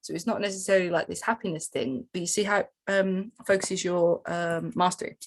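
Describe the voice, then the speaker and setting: A woman coaching listeners through a journaling exercise in a casual, animated way, full of fillers and sudden rises in pitch. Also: a little fast. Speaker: spiritual coach. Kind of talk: casual teaching walkthrough.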